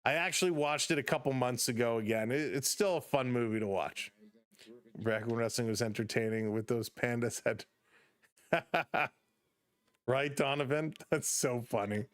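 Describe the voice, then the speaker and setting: A middle-aged man from Canada calls a baseball game live for his stream, reading viewer comments aloud between pitches. His voice sits at an ordinary middle pitch and sounds close and dry. The recording has almost no room sound. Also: normal speed, no room sound. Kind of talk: live play-by-play with chat reactions.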